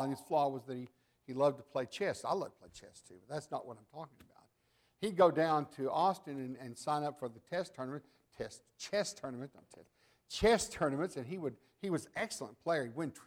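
An older man delivering a sermon, telling stories and acting out the voices of the people in them, moving between loud emphatic lines and soft asides. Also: a little high. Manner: animated storytelling, acting out voices in quotes. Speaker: preacher.

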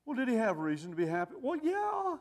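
An older man preaching a sermon with an animated, self-deprecating sense of humor, often laughing at himself. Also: very high-pitched, fast talker. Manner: lively, animated delivery.

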